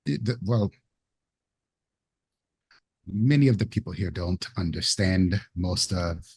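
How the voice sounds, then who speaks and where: A man voicing a reserved widowed gentleman from southern Africa in a tabletop role-play, talking hesitantly and evasively. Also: low-pitched, slow, breathy edge, no room sound, exaggerated voice.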